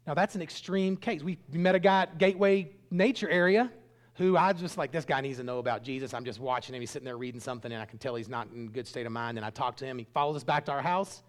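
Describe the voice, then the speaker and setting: A middle-aged man preaching a sermon, telling stories earnestly and swinging between loud bursts and hushed lines. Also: medium pitch, fast talker. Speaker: pastor.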